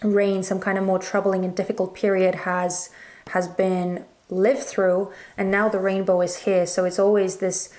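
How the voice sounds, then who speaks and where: A woman's voice: medium pitch, flat delivery, normal speed, a little mellow. Musing woman giving a tarot reading. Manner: musing, hesitant, many fillers and restarts. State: slightly strained throat. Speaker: tarot reader. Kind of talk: casual spoken tarot reading.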